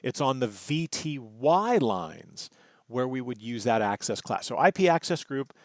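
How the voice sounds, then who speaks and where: A man's voice: mid-range voice, very animated, unhurried, no room sound, studio quality. A male networking instructor explaining configuration steps in a conversational tutorial walkthrough, often checking in with his students. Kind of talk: screen-recorded tutorial walkthrough.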